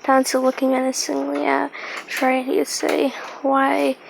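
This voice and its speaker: A woman improvising a fan-fiction story aloud, halting and rambling, with lots of fillers and self-corrections. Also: high voice, little pitch movement, vocal fry, a little hiss or hum, low-quality recording.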